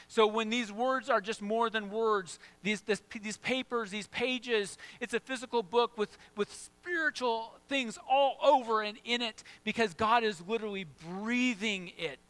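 A man preaching a sermon, moving between soft, hushed prayerful moments and loud, excited bursts. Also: high voice, smooth, dry recording. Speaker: pastor.

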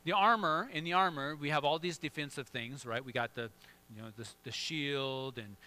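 A man delivers a sermon in a bright, fairly high voice. He drops to a hushed, prayerful murmur, then climbs into loud, excited bursts of emphasis. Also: moderate pace. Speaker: pastor.

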